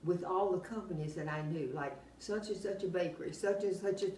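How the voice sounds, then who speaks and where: An older woman, telling rambling anecdotes in a casual, animated way and often laughing as she talks. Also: lowish voice, fairly quick. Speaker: oral history interviewee. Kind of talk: casual storytelling. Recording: roomy, distant mic, faint background hum.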